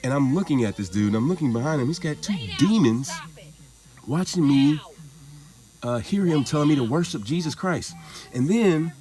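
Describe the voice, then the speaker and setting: A man's voice: a little high, animated, moderate pace, a little mellow. A man talking in a casual monologue vlog, rambling and profane, laughing things off as he goes. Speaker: vlogger.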